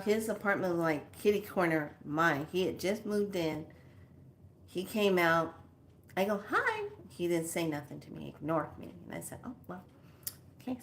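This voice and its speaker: A woman and spiritual teacher telling a story in casual, animated, slangy talk. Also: fairly low pitch, slight background noise. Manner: animated, slangy, acts out voices.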